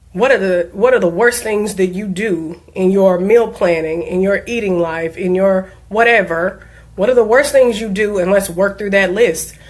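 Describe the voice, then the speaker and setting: A woman, a diabetes life coach, giving an earnest personal talk and telling a family story with emphasis. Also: medium pitch.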